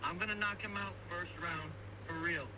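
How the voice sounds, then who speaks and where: A man's voice: sits high, steady tone, moderate pace, sharp tone. An AI voice clone of a cocky young male boxer, boasting in casual slang, played from a phone speaker. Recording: distant, noisy phone playback.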